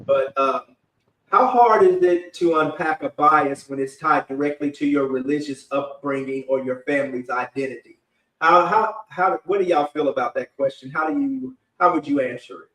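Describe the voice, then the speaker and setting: A man's voice: a little high, moderate pace, fairly bright tone, distant mic. A man hosting a live panel discussion, talking in a rambling, conversational way full of fillers. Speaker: panel host. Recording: echoey room, away from mic.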